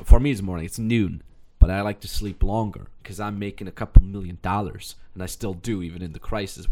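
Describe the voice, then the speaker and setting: A young man with a fairly low voice delivers a pushy motivational podcast monologue. He talks bluntly, with energy, and hammers his main points again and again. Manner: pushy, blunt and energetic, repeating key phrases. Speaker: podcast host and online business coach.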